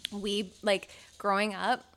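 A young woman, raised speaking Polish, co-hosting a podcast and telling stories in a soft, giggly way. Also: mid-range voice, level tone, takes it slowly. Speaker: podcast co-host. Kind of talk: casual chat.

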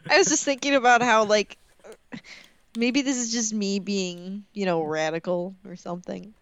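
A woman's voice: medium pitch, steady tone, moderate pace, a bit bright, smooth, dry recording. A young woman co-hosting a podcast in casual chat, giggly and bubbly, saying "like" often. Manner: bubbly, giggly, says "like" a lot. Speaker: podcast co-host.

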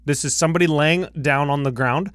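A man's voice: a little high, brisk, no room sound, clean studio sound. A man co-hosting a podcast, chatting casually and cracking crude jokes. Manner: jokey, crude, lively banter. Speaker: podcast co-host. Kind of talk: casual chat.

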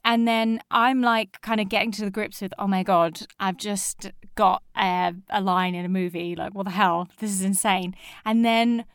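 A woman's voice: mid-range voice, normal speed, hardly any pauses, smooth, no echo. Young woman chatting, acts out everyone in the story, dry close mic. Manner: animated storyteller, acts out quotes. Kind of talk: casual chat.

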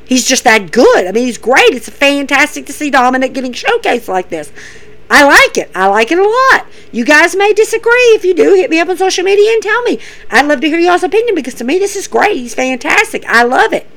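Woman host with a raised-pitch voice, doing animated casual play-by-play recaps. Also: low-quality recording. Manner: chatty, repeats herself, animated play-by-play. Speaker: podcast host.

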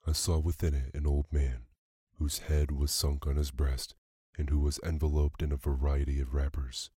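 A man narrating a classic short story for a sleep podcast in a calm, even storytelling manner. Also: very deep voice, husky, dry recording, studio quality. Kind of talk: bedtime story reading.

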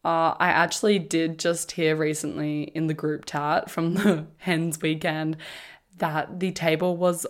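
A woman hosting a podcast recounts a story in a low-pitched voice, speaking a little slowly. She's casual and animated, cursing freely and laughing as she talks.

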